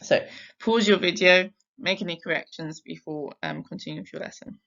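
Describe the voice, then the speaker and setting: Woman teacher slowly dictating French. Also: on the low side, gravelly, a bit bright, dull audio. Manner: slow, carefully spaced dictation in French. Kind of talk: recorded classroom lesson.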